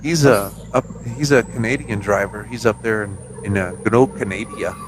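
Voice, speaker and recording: A man's voice: lowish voice, moderate pace. Easygoing new mexico guy hosting a live radio show, cracks up a lot, a bit of hiss behind. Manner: laid-back, laughs often, swears casually. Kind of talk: casual live-stream chat.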